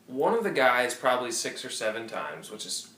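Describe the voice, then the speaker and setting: A man's voice: medium pitch, sing-song, moderate pace, pushed and bright, far from the mic. Man telling a rambling story. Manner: rambling anecdotes with profanity and restarts. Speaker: podcast co-host. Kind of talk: casual chat, storytelling. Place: apartment room. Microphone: phone or tablet recording. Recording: roomy audio from off-mic.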